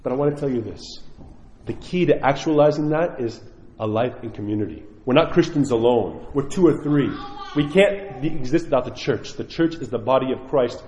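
A man, a priest, preaching a sermon to his congregation, earnest and pleading, swinging between loud emphasis and soft asides. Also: mid-range voice, brisk, slight background noise. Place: church. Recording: echoey church hall, dull sound.

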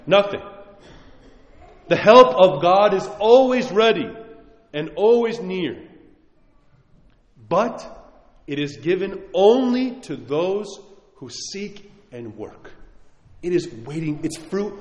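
A man, a priest, giving a sermon with impassioned, conversational preaching that drops suddenly quiet. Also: high voice, sing-song, takes it slowly, pauses often. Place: church. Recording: echoey church hall.

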